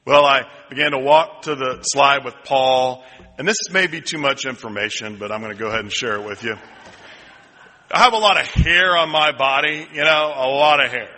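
A man's voice: mid-range voice, normal speed, sharp tone. A middle-aged male pastor preaching a sermon, telling stories with self-deprecating humor. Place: church sanctuary. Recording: long reverb in a church hall.

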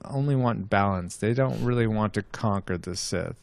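Dude co-hosting a podcast, rambly and jokey, dry close sound. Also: male voice, fairly low pitch, moderate pace, gravelly, few pauses, no echo. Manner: joking, rambling with filler words. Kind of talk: casual chat.

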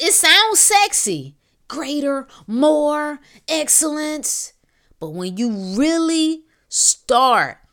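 A woman hosting a podcast, giving an emphatic motivational monologue in casual slang with drawn-out exclamations. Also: medium pitch. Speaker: podcast host.

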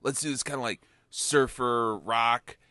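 A man co-hosting a casual movie chat podcast, animated and joking, acting out little quotes as he talks. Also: mid-range voice, a little slow, no echo. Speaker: podcast co-host. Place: small studio. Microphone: new studio microphone.

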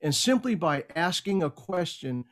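A middle-aged man, a guest on an interview show, telling a business story in a casual, animated way and acting out the quoted lines. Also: on the high side, unhurried. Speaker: podcast guest, speaker and coach.

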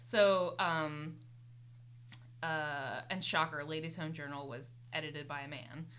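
Speaking slowly and steadily, a young woman hosts a podcast in a low-pitched, fairly bright voice, with a little hiss or hum in the recording. She rambles through a life story casually, leaning on "um" and "like" again and again.

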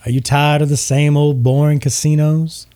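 A man's voice: flat delivery, normal speed, mellow, lightly acted. A man doing a slick tiefling showman. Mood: slick salesy. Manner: slick showman sales pitch. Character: smooth male tiefling resort mogul.

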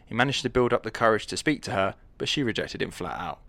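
A man with a fairly low voice tells history in a loose, joking way, rambling and swearing as he goes. The recording is dry and close, with no room sound. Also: lively intonation, quick pace, gravelly, a bit bright, dry recording. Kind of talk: casual history chat.

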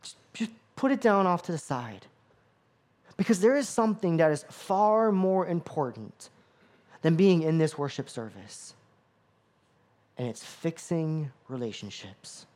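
A man's voice: on the high side, lively intonation, unhurried, darkish tone. A man preaching a sermon with an emphatic, repetitive cadence. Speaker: pastor.

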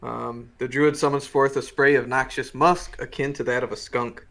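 A man co-hosting a podcast, explaining game rules in a relaxed way with the odd dry joke. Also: mid-range voice, normal speed, creaky. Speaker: podcast co-host. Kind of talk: casual chat reviewing a game book.

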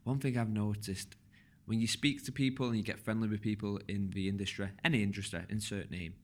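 Relaxed podcast host, lowish voice. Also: male voice. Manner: relaxed, slurs words when talking fast. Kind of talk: casual podcast conversation.

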